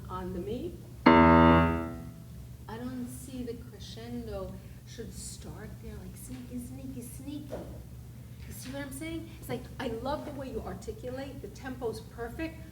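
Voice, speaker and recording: A woman's voice: fairly high pitch, unhurried. A woman piano teacher giving a masterclass, coaching a student and singing along with the playing. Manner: animated, sings and counts along with the playing. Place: recital hall. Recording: echoey hall with loud piano.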